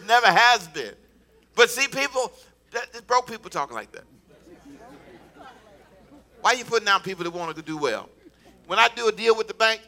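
A man's voice: high-pitched, pushed and bright. A man in his fifties preaching a sermon to his congregation, calling out for responses and rising into emphatic exhortation. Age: 50s. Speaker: pastor. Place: church before a congregation.

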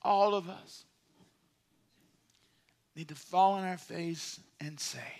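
A man preaching a sermon in a church, animated and conversational, swinging from loud outbursts to hushed asides. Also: high voice, slow, vocal fry, pauses often. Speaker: pastor. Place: church sanctuary.

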